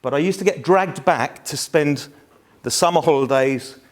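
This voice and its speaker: A man's voice: fairly high pitch, normal speed. London guy in his 50s giving a talk, chatty, full of stories, room audience. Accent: South East London. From England. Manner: chatty, anecdotal, self-deprecating. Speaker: lecturer. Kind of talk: live lecture to an audience. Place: lecture room.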